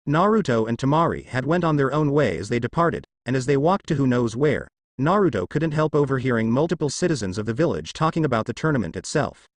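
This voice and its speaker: A man's voice: mid-range voice, lively intonation, quick pace, hardly any pauses, no room sound. A man reading a fan fiction story aloud, casual, adding his own asides. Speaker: narrator.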